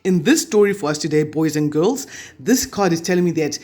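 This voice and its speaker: A man's voice: a little high, animated, a little fast, a little mellow. A man giving a weekly tarot reading to camera, chatty and reassuring as he passes on spiritual guidance. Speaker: tarot reader.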